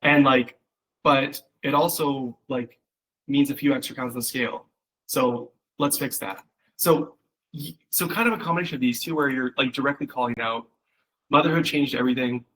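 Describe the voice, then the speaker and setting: Steady and moderately paced, a man's medium-pitched voice sounds fairly bright and slightly rough over poor audio. He's a copywriting coach doing an easygoing one-on-one critique, full of fillers, and he acts out the voices he quotes.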